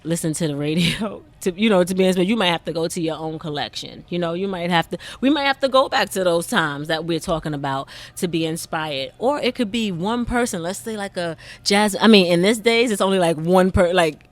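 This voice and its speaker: A woman's voice: on the low side, lively intonation, brisk, hardly any pauses. A woman singer being interviewed as a guest in a casual chat, explaining her views in an easygoing way. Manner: laughing exclamations, easygoing explanations.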